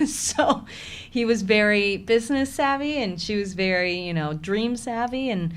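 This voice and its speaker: A woman's voice: medium pitch, clear, resonant tone. A woman with a Chicago accent, an actress talking candidly in a casual interview and laughing often. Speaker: actress, podcast guest.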